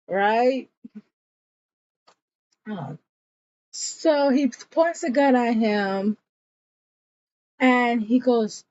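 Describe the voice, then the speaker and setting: Woman slowly walking through an episode recap, kinda high voice, dry muffled audio. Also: expressive, darkish tone, no echo. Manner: chatty storytelling that acts out quotes, says y'all. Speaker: TV episode reviewer.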